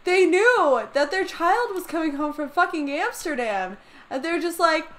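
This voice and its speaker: Woman gamer, high voice, unhurried delivery, foul-mouthed exasperated rants over gameplay. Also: lively intonation, a bit bright, low-quality recording. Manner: profane, exasperated ranting. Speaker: gamer playing a story game. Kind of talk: let's play commentary.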